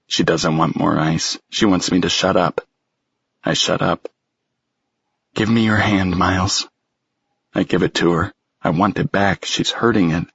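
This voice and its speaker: A man narrating a romance audiobook in the first person, quiet and tender. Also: deep voice, slightly rough, no room sound.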